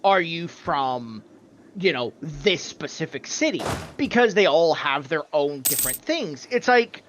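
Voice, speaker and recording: A man from the American Midwest chatting casually on a livestream, agreeable and quick to chime in. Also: a little high, animated, highs cut off. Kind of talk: casual chat. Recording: noisy livestream audio.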